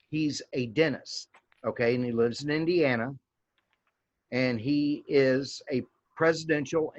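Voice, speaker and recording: A Southern American man hosts a casual interview in a rambling, folksy way, leaning on fillers as he goes. His voice sits at an everyday middle pitch, and the recording sounds dull and lo-fi. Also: a bit bright. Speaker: host.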